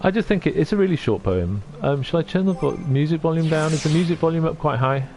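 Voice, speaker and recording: A middle-aged man chatting on a livestream, soft-spoken and halting, often moved. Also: on the high side, animated, faint music behind. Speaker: streamer. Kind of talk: casual livestream chat.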